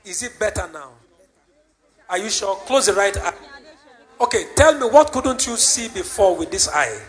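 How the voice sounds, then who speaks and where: A man leading a healing service, questioning people and shouting to the crowd to respond. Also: sits high, lively intonation, moderate pace. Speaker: preacher. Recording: live church service with music.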